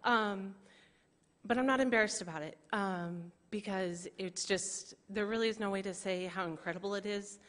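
A woman's voice: mid-range voice, moderate pace, fairly bright tone. A woman volunteer giving a hesitant, self-deprecating testimony to a church congregation, with many fillers. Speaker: church volunteer small group leader. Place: church sanctuary. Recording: reverberant church hall.

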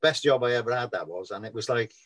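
A man's voice: medium pitch, quick pace, fairly bright tone. A man in his sixties with a Scouse accent, an actor chatting in a casual interview, telling long rambling anecdotes over a video call. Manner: rambling storyteller, acts out quoted voices.

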